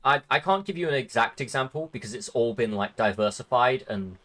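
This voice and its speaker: A man's voice: medium pitch, expressive, fairly quick, a bit bright. A young man hosting a stream interview, joking, profane and rambling in casual chat. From Britain. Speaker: stream host.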